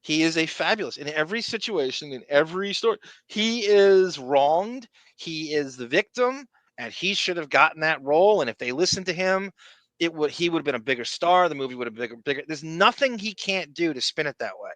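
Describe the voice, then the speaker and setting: A man's voice: fairly high pitch, animated, a little fast, a bit bright, dry recording. A man co-hosting a podcast, talking in a blunt, rambling, profane casual way. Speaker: podcast co-host.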